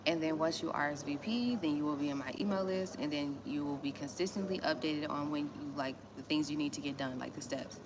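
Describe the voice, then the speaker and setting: She has a deep voice and talks briskly with few pauses, against background noise. This Miami, Florida native with a Southern US accent is in West Africa, casually and bluntly addressing livestream viewers about small business grants in a slangy, straight-talking style.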